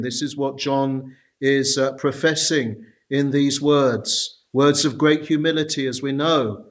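A man preaching an expository sermon, reading Bible verses and explaining them in a measured way with frequent pauses. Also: mid-range voice, fairly even intonation.

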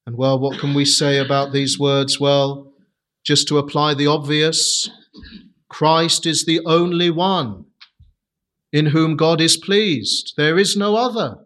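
Male preacher, sermon, slow deliberate pace, slightly high voice, earnest emphasis. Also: fairly bright tone. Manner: earnest, rises in pitch for emphasis.

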